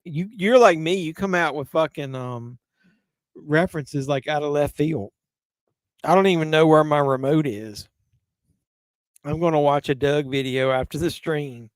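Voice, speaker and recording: A man's voice: a little high, a little slow, dry recording, studio quality. Tipsy man rambling on a live stream. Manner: rambling, profane, answers chat messages. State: tipsy from drinking. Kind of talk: casual live-stream chat during a movie watch-along.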